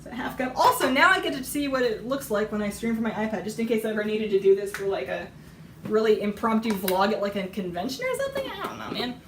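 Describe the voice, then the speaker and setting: A woman with a hoarse voice she is losing talks through her baking in a loose, rambling way. Her voice sits a little high and comes from some way off the mic, through lo-fi tablet audio in a roomy kitchen. Pans and cutlery clink behind her. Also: animated, fast, far from the mic, noisy background. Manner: chatty, rambling, laughs often. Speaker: streamer baking on a live stream. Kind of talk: casual chat while cooking. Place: home kitchen. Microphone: iPad microphone.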